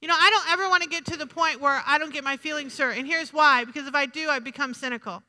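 A woman's voice: high voice, quick pace, pushed and bright, in a large hall. A woman preaching a sermon in a conversational way, repeating her points and asking the congregation questions, recorded in a church sanctuary.

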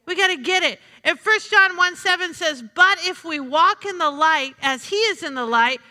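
A woman's voice: extremely high pitch, expressive, moderate pace, sharp tone. A woman preaching a sermon in a chatty, humorous way, calling out to the congregation for responses. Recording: reverberant hall.

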